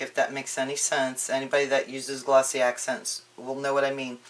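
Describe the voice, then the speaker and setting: A woman's voice: very deep voice, normal speed. Woman demonstrating a craft at home; easygoing, rambling delivery full of ums, recorded on a camera mic. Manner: chatty, relaxed, frequent ums and restarts. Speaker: craft tutorial maker. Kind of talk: casual crafting tutorial.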